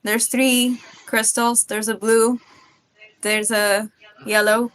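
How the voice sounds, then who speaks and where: A woman's voice: on the high side, level tone, slow, a bit bright, clean tone. A woman playing in a tabletop game, chatting casually in a hesitant, stammering way. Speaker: player.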